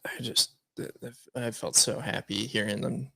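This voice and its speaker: A man's voice: mid-range voice, fairly even intonation, normal speed, gravelly, sharp tone, dry recording. A man co-hosting a podcast, joking and sarcastic in a casual chat. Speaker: podcast co-host.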